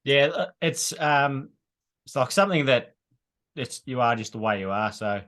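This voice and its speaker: A man's voice: medium pitch, lively intonation, moderate pace, fairly bright tone. A man in his thirties with an Australian accent, answering casually as a guest with hesitant phrasing and many fillers. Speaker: guest, landscaper. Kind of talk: casual podcast chat.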